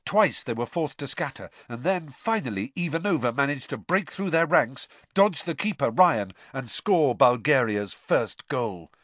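A man narrating an audiobook with an expressive, varied delivery. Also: medium pitch, measured pace, few pauses, no room sound.

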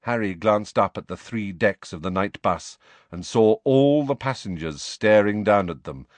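A man narrating a novel aloud in a low voice with a lively, rising and falling delivery. The sound is close and dry, with no room around it. His reading is expressive and steady. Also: unhurried, dry recording. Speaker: audiobook narrator. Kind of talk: scripted narration.

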